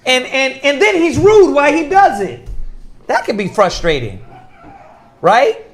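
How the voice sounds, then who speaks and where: High-voiced man telling stories, animated. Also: measured pace. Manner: animated storytelling, laughs often, drops to soft quoting voice. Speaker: preacher. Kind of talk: casual religious teaching.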